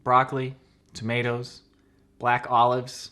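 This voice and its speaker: A man's voice: on the high side, lively intonation, moderate pace, long pauses, fairly bright tone. A young man chatting casually on a live stream at his computer, rambling and often laughing.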